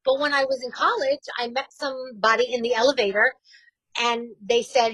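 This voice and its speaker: A woman in her forties with a New York accent, a radio host telling her story in a casual interview, candid and quick to laugh. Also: a little high, fairly even intonation, a bit bright, no echo, rough recording.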